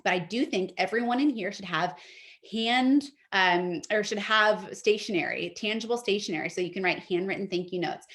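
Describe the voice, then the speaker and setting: A woman teaching an etiquette workshop, giving lively, practical advice with quick fillers, speaking into a video call mic. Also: mid-range voice. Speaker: etiquette instructor. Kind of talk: workshop presentation.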